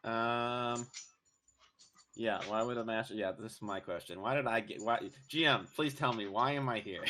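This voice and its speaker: Male gamer, playful, bright, mid pitch, slightly noisy line. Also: normal speed. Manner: playful, teasing. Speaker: tabletop game player. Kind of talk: casual chat during a tabletop game.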